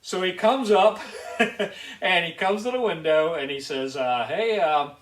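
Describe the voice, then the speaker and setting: An Ohio man hosts a casual video show from his garage, telling viewers a chatty, rambling story full of fillers. His high-sitting voice is sing-song, fairly bright, and a little slow, with roomy echo in the recording.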